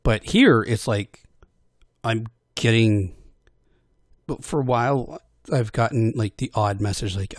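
A man's voice: fairly low pitch, no echo. Shy, rambling man with a dry close sound. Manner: self-deprecating, hesitant with many restarts and fillers; puts on quick character voices when quoting people. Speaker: voice actor for audio posts. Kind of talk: casual rambling monologue.

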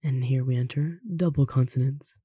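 A language tutor reading a pronunciation lesson aloud in an unhurried way, slowly spelling out examples and adding light asides. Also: mid-range voice, steady tone, warm tone, breathy edge, no room sound, clean studio sound. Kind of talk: reading an instructional text aloud.

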